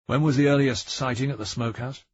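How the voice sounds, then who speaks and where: A man voicing a weary, terse older male detective chief inspector with a husky voice. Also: medium pitch, fairly even intonation, quick pace, no room sound, voice pushed up, natural voice. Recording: dry, dull audiobook recording.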